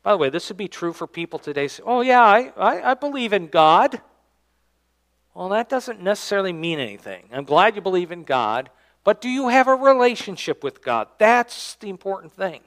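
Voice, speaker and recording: A man, the church's pastor, preaching a sermon and reading scripture aloud, swinging between loud emphatic lines and quiet low endings. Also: sing-song, brisk. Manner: reads scripture aloud in King James wording. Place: church sanctuary.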